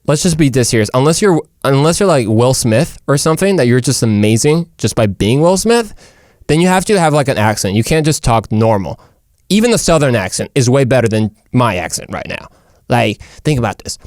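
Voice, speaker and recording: Young male host, jokey rambling monologue, middle pitch, dry sound. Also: very animated, a little fast, a little mellow, dry recording. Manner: rambling, jokey, says "dude" and "like" often. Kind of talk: casual comedic monologue.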